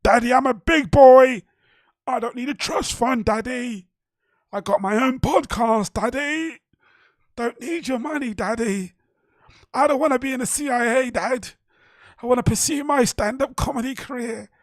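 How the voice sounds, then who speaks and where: A man putting on a whining, high voice of a rich young man pleading with his father. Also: normal speed, no echo, studio quality. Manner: high whining plea, giggling through it.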